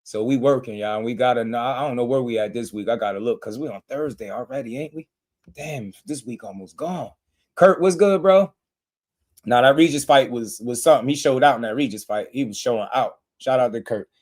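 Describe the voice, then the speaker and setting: A man hosting a casual boxing live stream, talking loose and slangy and shouting out viewers in the chat. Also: medium pitch, quick pace.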